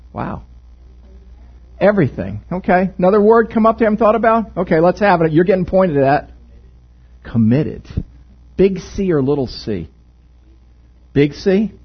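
A man's voice: high-pitched, husky, muffled recording. A male pastor giving an interactive sermon in a church, joking and asking the congregation questions. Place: church sanctuary.

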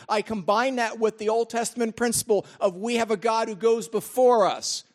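An older man preaching a sermon, animated and emphatic, with chatty asides about his grandchildren. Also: sits high, fairly quick, few pauses. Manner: animated, rising to emphatic peaks then dropping to asides. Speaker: pastor.

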